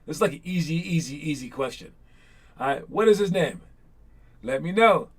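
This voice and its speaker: A young man talks to a group of young players in a loose, energetic way, circling back to check they are with him. His voice sits a little high for a man. He moves from pep talk to hosting trivia without ever sounding scripted. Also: normal speed, husky. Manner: energetic, rambling, repeats "all right?". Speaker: basketball coach hosting an online session.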